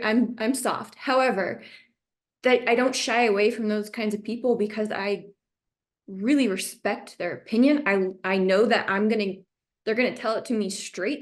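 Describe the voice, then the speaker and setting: A woman who is a guest on a podcast, chatting candidly and openly. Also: mid-range voice. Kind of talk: casual interview chat.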